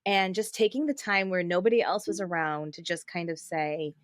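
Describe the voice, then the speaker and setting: A middle-aged woman hosting a faith podcast, telling a personal story in an earnest, heartfelt way with soft fillers. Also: lowish voice, normal speed, dry recording. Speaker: podcast host. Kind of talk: casual faith podcast conversation.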